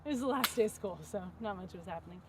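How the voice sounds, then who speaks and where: A young woman chats her way through a long story with plenty of "um"s and asides. She talks while working on a fence outdoors, her pitch sitting in a middle range. Faint outdoor noise runs behind her. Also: animated, fast talker. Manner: rambling, chatty, with many fillers and asides. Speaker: vlogger telling stories.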